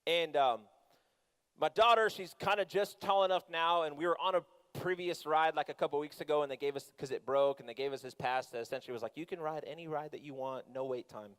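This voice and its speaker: A middle-aged man preaching to a student church, his voice sitting a little high for a man. He talks in an animated, conversational way, slipping into stories and quick asides as he makes his point. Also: clear, resonant tone. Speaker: youth pastor. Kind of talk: sermon with personal story.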